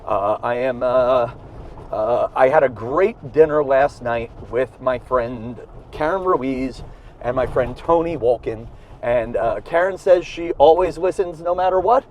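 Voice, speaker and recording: A man's voice: mid-range voice, measured pace, a little mellow, a little hiss or hum. A comedian hosting his podcast while driving, talking in a rambling, self-mocking way with lots of fillers and restarts, a bit out of breath. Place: inside his car in cold weather. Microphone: video camera in car.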